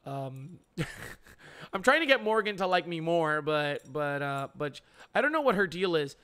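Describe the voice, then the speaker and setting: A young man hosting a live stream, chatting casually with viewers on a headset mic, halting with many fillers and restarts. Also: a little high, very animated, sharp tone, smooth. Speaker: streamer host.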